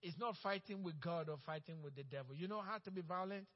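A man preaching a sermon as pastor, acting out quoted coworkers and swinging from loud, bold lines to hushed ones. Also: on the high side, quick pace. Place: church sanctuary. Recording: dull sound with long church reverb.

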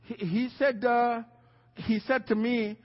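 A man's voice: extremely high pitch, steady tone, slow pace, big-room sound, highs cut off. A male pastor telling a personal story in a sermon, acting out the dialogue and often repeating his words. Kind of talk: sermon testimony.

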